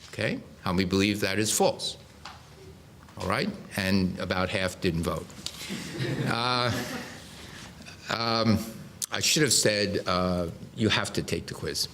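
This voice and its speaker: In a lecture hall before a live audience, a guest speaker in his sixties lectures from a podium, explaining with dry humor and frequent restarts. His voice is lowish and a bit bright, with a little hiss or hum on the recording.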